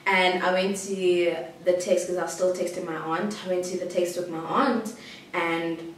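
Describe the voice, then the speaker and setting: A woman's voice: fairly low pitch, fairly even intonation, moderate pace. A young woman from South Africa telling a personal story to camera, rambling and giggly, with many "like" fillers. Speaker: vlogger. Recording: roomy echo, distant mic, faint hiss.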